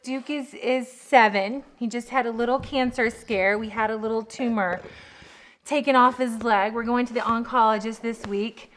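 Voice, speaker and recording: A pregnant woman vlogging to camera in a chatty, fast, filler-heavy way, a little out of breath. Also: fairly high pitch, fairly even intonation, fairly bright tone. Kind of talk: casual chat to camera.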